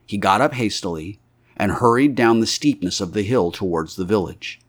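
The narrator is a man with a somewhat low voice, reading a classic novel aloud for an audiobook in a measured, expressive style.

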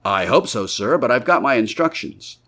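A man's voice: mid-range voice, expressive, normal speed, pushed and bright, voice pushed up. A man reading an audiobook, voicing a stubborn, plain-spoken middle-aged village constable. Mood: dogged.

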